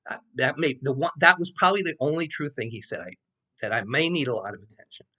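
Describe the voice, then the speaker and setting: Animated older man telling a story. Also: medium pitch, fast talker. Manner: animated, acts out quoted voices, swears freely; loose and rambling with many fillers. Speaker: professor. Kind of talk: casual storytelling monologue.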